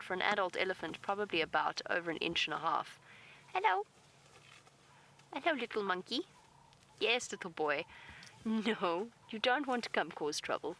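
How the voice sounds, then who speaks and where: A woman safari guide giving live wildlife commentary outdoors, calm and gentle, talking softly to the animals near her vehicle and answering viewer questions. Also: mid-range voice, moderate pace, slight background noise, poor audio.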